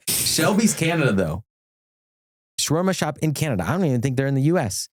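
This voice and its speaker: A middle-aged man, an attorney, chatting as a podcast guest, enthusiastic and rambling with quick restarts. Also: on the high side, big pitch swings, slightly rough, no room sound, clean studio sound. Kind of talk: casual podcast conversation.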